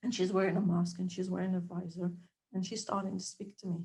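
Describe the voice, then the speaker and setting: Animated woman telling a personal story. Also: fairly low pitch, fast, gravelly. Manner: animated, acts out dialogue, loudness swings between soft and emphatic. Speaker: trainee observer giving a testimonial.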